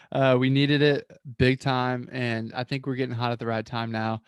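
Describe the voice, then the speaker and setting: A man co-hosting a casual sports podcast, speaking calmly in short, measured remarks. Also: mid-range voice, smooth, no echo, clean studio sound. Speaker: podcast co-host.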